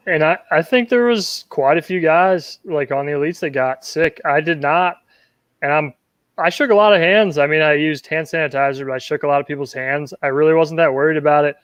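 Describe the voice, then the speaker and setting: A professional angler on a podcast, talking in a relaxed, easygoing way. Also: male voice, on the high side, a little fast, no echo. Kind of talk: casual podcast chat.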